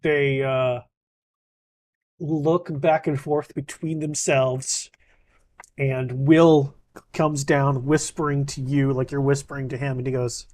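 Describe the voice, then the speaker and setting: A woman narrating as game master in a tabletop game, casual and lively, swearing freely. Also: very deep voice, takes it slowly.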